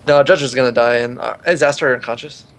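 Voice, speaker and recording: A man's voice: mid-range voice, quick pace. A man playing in a tabletop game, blunt and teasing with the others. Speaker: player. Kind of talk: casual tabletop game chat.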